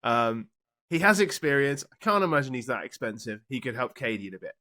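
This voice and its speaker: A man with a mid-pitched voice hosting a podcast. He leads the talk with a dry, wry touch. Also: sing-song, a little fast, bright, forceful tone. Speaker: podcast host. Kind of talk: casual chat.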